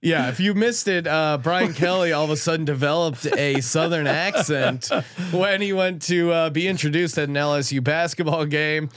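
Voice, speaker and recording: A male podcast host with a fairly high voice who jokes quickly and laughs through his stories. The sound is close and dry, with no room at all. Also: fairly bright tone, no room sound. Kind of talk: casual sports chat.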